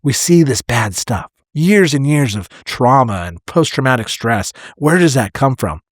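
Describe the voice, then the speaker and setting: A man who works as a firefighter co-hosts a casual podcast, speaking at medium pitch with lively intonation and an unhurried pace. He's blunt, candid and swears freely while telling emotional stories. The close mic sounds dry, with no echo.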